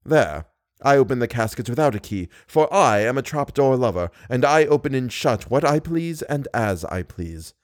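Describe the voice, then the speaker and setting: A man voicing a coldly deliberate masked menace. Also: medium pitch, expressive, dry recording, studio quality, lightly acted. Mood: coldly menacing. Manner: slow, deliberate, icily composed. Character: cold, menacing masked male genius, calm.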